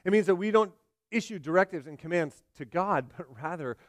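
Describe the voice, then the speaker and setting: A man preaching a sermon, swinging from loud emphatic lines to hushed, low delivery. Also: expressive, fairly quick, dry recording. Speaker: pastor.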